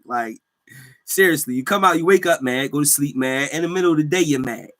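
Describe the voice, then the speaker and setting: A man hosting a casual solo podcast, telling stories in animated slang and laughing often. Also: on the high side, brisk. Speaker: podcast host; healthcare worker.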